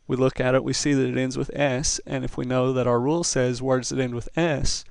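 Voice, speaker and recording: Patient man teaching with a gravelly voice. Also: mid-range voice, fairly even intonation, fairly quick, dry recording. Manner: patient, methodical explaining. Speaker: Spanish teacher. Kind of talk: recorded classroom lesson.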